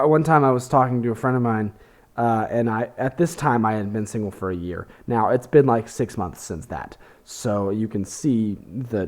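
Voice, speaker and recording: Young man, podcast host, rambling, profane, mid-pitched voice. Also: darkish tone. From Texas. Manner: rambling, profane, self-deprecating, many fillers and restarts. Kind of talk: casual monologue.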